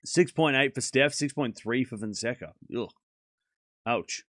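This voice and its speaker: A man's voice: medium pitch, a little slow, fairly bright tone, no echo, studio quality. A man on a live stream, calling tennis points and chatting and teasing with his chat. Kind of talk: casual live-stream commentary.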